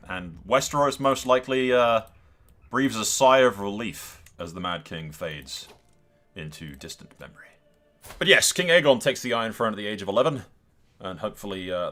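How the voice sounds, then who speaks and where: A man with a lively, swinging voice gives casual let's-play commentary on a strategy game from his home. His voice is bright and forward, and he talks back at the characters on screen and laughs a lot. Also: fairly low pitch. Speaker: gaming YouTuber.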